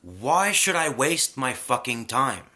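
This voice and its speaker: A man's voice: mid-range voice, very animated, slow pace, bright, forceful tone. Man ranting, heated and preachy. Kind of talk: casual spiritual rant to camera.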